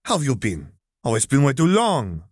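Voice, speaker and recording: A man voicing an excitable, affectionate young woman who gushes loudly. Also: medium pitch, quick pace, no echo, studio quality, voice pushed up, lightly acted. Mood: exuberant. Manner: exuberant, gushing.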